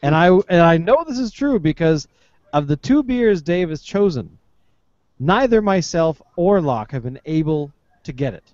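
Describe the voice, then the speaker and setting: A Canadian man co-hosting a casual beer podcast, loud and joking. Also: fairly high pitch, sing-song, moderate pace, no room sound. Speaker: podcast co-host. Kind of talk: casual chat over beers. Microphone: video call. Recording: dry muffled online call.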